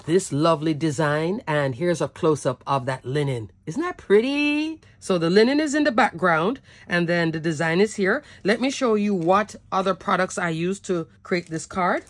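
A woman's voice: fairly low pitch, lively intonation, moderate pace, few pauses, dry recording. A woman showing her handmade cards in a chatty, enthusiastic craft tutorial, often checking in with "okay?". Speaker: cardmaking demonstrator.

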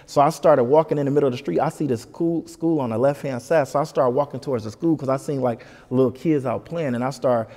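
A man from Detroit, a comedian telling a lively story in an interview and putting on voices for the people in it. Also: mid-range voice, quick pace, few pauses, in a large hall. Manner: animated, puts on voices for people in his stories. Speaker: comedian guest.

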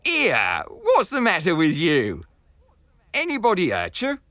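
A man voicing an unsympathetic male noodle peddler in a storybook reading, asking blunt, loud questions. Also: high voice, huge pitch swings, a little slow, no echo, studio quality, pitched above the performer's own voice, full character voice.

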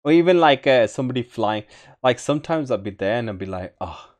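A man's voice: medium pitch, normal speed. A man hosting a reaction video, exclaiming and rambling in casual commentary. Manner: excitable, rambling, exclaims often.

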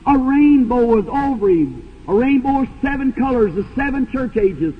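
A man preaching a sermon, telling a story with fervor and sometimes breaking into shouts. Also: extremely high pitch, animated, normal speed, breathy edge. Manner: fervent, rises to shouts. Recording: tinny old tape in a hall.

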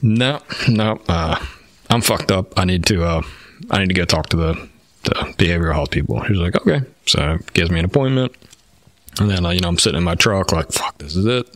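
A man's voice: deep voice, lively intonation, fairly quick, a bit bright, dry recording. A man in his forties, a firefighter guest, telling a candid story in a rambling, frank way, with many fillers and some swearing.

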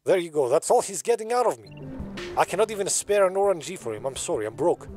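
A man's voice: high voice, quick pace, music in the background. A man giving casual, joking commentary while playing a video game. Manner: jokey, animated, laughs at his own bits. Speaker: gaming streamer. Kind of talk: casual let's-play commentary.

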